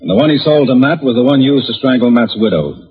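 An actor playing a calm, shrewd police inspector in a 1950s radio drama, reasoning in a measured way. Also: male voice, medium pitch, slightly rough. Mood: measured, probing. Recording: dull old radio broadcast with reverb.

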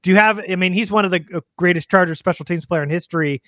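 A man's voice: sits high, fast talker, fairly bright tone, no echo, studio quality. A man co-hosting a casual interview, eagerly asking chatty follow-up questions like a fan. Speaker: podcast co-host.

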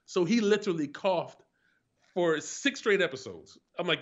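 A man's voice: sits high, animated, moderate pace. A man in his forties, a retired pro athlete, telling stories as a guest in a casual, profane, laughing way. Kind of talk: casual storytelling chat. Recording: slightly dull lo-fi sound.

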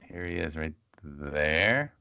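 A man's voice: rumbling low, lively intonation, slow, sharp tone, clear, resonant tone, dull audio. A man hosting a podcast in casual chat, joking and rambling in a self-deprecating way. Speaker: podcast host.

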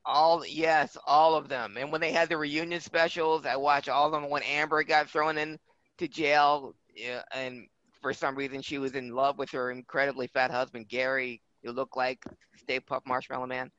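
A man in his fifties co-hosting a podcast, telling stories in a casual, animated, self-mocking way. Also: medium pitch, moderate pace, no room sound, muffled recording. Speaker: podcast co-host. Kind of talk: casual chat.

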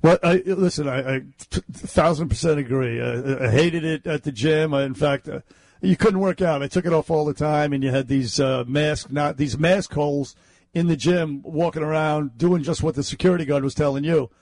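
A man with a slightly high voice co-hosts talk radio, agreeing with his partner. He stumbles and restarts often, padding his lines with hesitations. The sound is dry and close. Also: moderate pace, darkish tone, no room sound. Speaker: radio talk show co-host. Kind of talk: casual talk radio banter.

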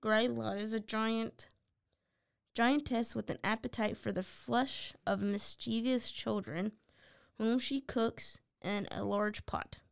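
A woman co-hosts a podcast, reading facts aloud and tossing in blunt, dry quips. Her voice is slightly high, smooth and resonant with a gravelly fry underneath. The sound is close and dry. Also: steady tone, slow pace, no room sound. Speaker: podcast co-host. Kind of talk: casual chat, reading notes.

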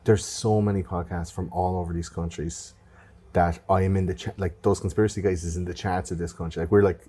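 Deep husky sarcastic podcast host. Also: male voice, steady tone, brisk, mellow. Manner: loose, sarcastic, swearing. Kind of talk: casual podcast chat.

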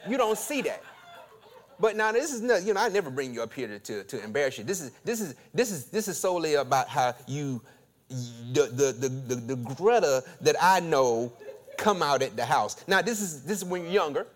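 A preacher with a somewhat high voice tells a story from the pulpit, laughing often and stumbling over his words. He talks in an animated, lively way and then settles into a calm sermon. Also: normal speed. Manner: animated, laughing, stammering restarts. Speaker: pastor.

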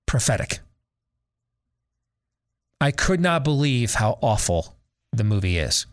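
A man's voice: medium pitch, very animated, takes it slowly. A middle-aged man hosting a talk show, ranting sarcastically in a casual monologue and mimicking voices. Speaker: radio talk show host.

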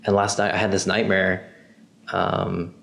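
A man hosting an interview, asking questions in a relaxed, sympathetic way. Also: deep voice, measured pace, creaky. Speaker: interview host. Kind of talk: casual interview. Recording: roomy echo.

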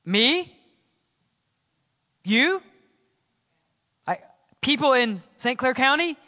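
A man's voice: extremely high pitch, lively intonation, very slow, sharp tone. A man preaching a sermon in a church, earnest and conversational, asking the congregation rhetorical questions. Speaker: pastor. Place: church sanctuary. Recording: long church reverb.

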